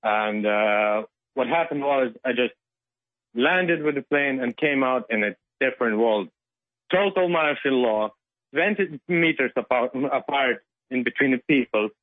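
Male phone caller, phone-quality audio, worked up and halting. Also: medium pitch, dry recording. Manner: excited, shaken, halting. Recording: tinny phone line.

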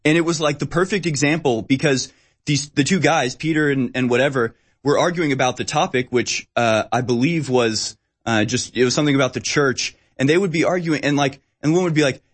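A man's voice: mid-range voice, fairly quick. A man in casual conversation who rambles and acts out quotes in mocking voices.

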